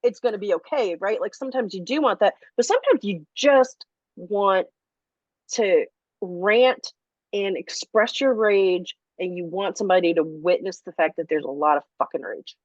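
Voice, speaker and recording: A woman's voice: medium pitch, moderate pace, no room sound. A woman hosting a podcast in a casual conversation. She talks frankly and thoughtfully and swears freely. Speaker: podcast host. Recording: dry, slightly muffled audio.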